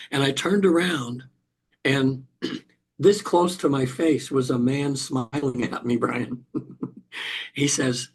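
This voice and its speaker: Halting and often restarting or clearing his throat, an older hypnotherapist tells an interviewer a personal story. His voice sits in the mid-range with a steady tone.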